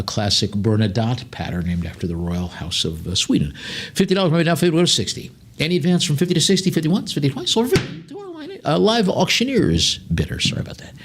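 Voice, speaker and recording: A man's voice: mid-range voice, breathy edge. A man working as an auctioneer at a live online sale, rattling off bid calls and tossing in chatty jokes between lots.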